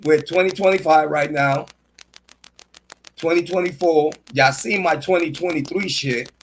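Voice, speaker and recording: A man with a high-pitched voice talks on a casual livestream in a boastful, swaggering way, full of street slang. A faint hiss sits under his voice. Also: unhurried, rough recording. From Puerto Rico. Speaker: true crime and sports commentary host.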